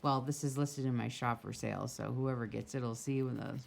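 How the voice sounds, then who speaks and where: Woman with a low voice gushing over her journal pages, chatty, outside with a bit of breeze and faint background noise. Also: fairly even intonation, fairly quick, gravelly. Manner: chatty, gushing, full of small asides. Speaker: craft shop owner showing a handmade journal. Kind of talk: casual craft flip-through. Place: outdoors with a breeze. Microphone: camera mic.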